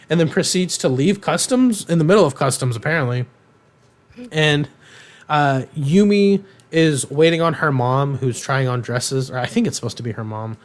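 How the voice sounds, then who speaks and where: A man's voice: fairly high pitch, moderate pace. A man co-hosting a podcast, recapping a cartoon in a casual, rambling way, with lots of ums and irreverent asides. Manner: rambling, filler-heavy, irreverent; acts out characters' lines in quotes. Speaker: podcast co-host.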